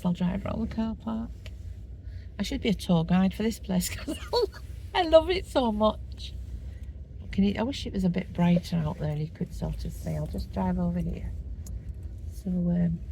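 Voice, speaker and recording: A woman's voice: fairly low pitch, gravelly, warm tone, slight background noise, rough recording. A middle-aged woman chatting casually in a walking vlog, rambling like a tour guide with lots of ums and easy asides. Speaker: vlogger showing a walking spot.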